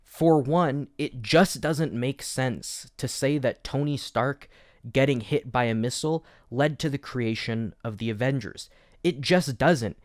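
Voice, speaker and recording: A man's voice: mid-range voice, no echo, clean studio sound. Wry man giving a history lecture. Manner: wry, jokey asides. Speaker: educational YouTube host. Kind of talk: video essay lecture.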